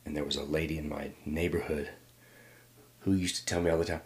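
Deep-voiced middle-aged man, reflective. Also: level tone, brisk, long pauses, darkish tone. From Northern California. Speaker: interviewee. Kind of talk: casual reflective interview.

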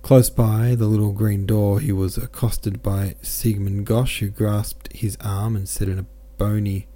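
Low, dark-voiced male narrator. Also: a little slow. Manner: steady, with occasional self-corrections. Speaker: podcast host. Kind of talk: audiobook narration.

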